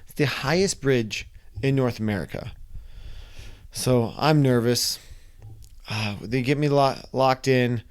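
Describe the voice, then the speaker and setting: A young man casually telling a personal story, animated and acting out his own reactions. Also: medium pitch, takes it slowly, long pauses, clear, resonant tone. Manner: animated, acts out his own screams and quotes.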